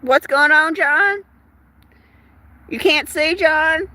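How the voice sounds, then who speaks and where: A woman's voice: high voice, slow, no room sound. An older woman hosting a casual live stream outdoors in the evening, chatting to viewers with many fillers and laughs. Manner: chatty, warm-hearted, frequent fillers and laughs. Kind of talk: casual chat reading out viewer comments.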